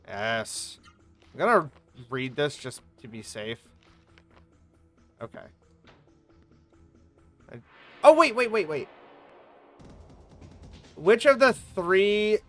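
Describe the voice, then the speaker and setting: A woman game streamer talks through her play in a chatty, rambling way, with a bright voice despite a sore throat. Her pitch swings widely as she goes, and faint music plays behind her. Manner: chatty, rambling, swears casually. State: coming down with a sore throat, coughing. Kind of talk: live gameplay commentary.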